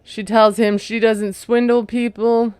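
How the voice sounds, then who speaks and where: A woman's voice: fairly high pitch, little pitch movement, a little slow, darkish tone, clear, resonant tone, dry recording. A woman recapping a reality TV episode in casual commentary, chatty and amused, filling her talk with "like" and "you know". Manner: chatty, retelling scenes with lots of "like" and "you know"; amused, laughing at what she retells.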